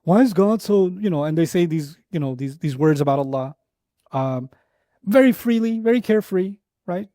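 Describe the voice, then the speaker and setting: Animated high-voiced male lecturer. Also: no room sound, clean studio sound. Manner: animated storyteller who recites Arabic verses quickly; repeats phrases for emphasis. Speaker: Islamic lecturer. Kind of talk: lecture explaining Quran verses.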